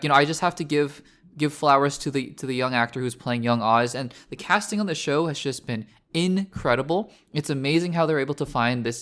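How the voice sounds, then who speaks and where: A man's voice: mid-range voice, fairly bright tone. A man hosting a podcast, talking through a TV finale in a rambling, earnest way, full of restarts and fillers. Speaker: podcast host. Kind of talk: casual spoiler discussion.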